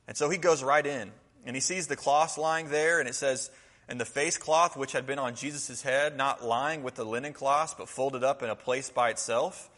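Male preacher, bright voice, conversational delivery, long hall reverb. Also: medium pitch, fairly even intonation, normal speed. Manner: conversational, acts out quotes. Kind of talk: sermon.

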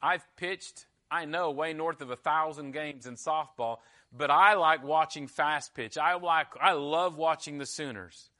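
A middle-aged man preaching a sermon, acting out quoted dialogue and swinging from loud preaching to hushed intensity. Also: on the high side, unhurried. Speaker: pastor.

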